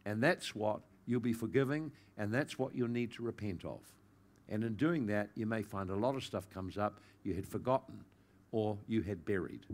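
A man teaching a sermon in an earnest, pastoral manner, at times building in intensity and then dropping soft and low. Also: normal speed.

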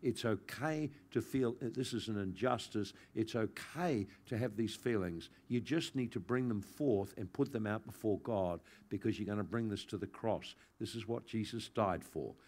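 A man's voice: fairly low pitch, normal speed, hardly any pauses. Earnest man preaching a pastoral sermon. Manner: earnest and pastoral, rising to intensity then softening. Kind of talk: sermon teaching.

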